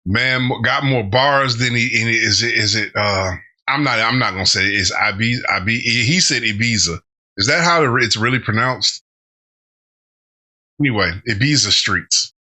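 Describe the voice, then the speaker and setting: A man's voice: mid-range voice, moderate pace, pushed and bright. A man hosting a reaction channel, giving casual commentary and going off on rambling tangents with frequent laughter.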